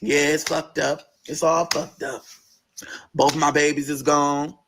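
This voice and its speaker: A man's voice: fairly high pitch, little pitch movement, unhurried, fairly bright tone, slight background noise. A man voicing a weary grieving old grandmother. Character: grieving elderly grandmother in her eighties.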